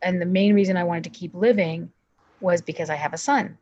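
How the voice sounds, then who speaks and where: A woman's voice: lowish voice, steady tone, brisk, a little mellow, highs cut off. A woman giving an earnest personal testimony as an interview guest, acting out her own prayers aloud.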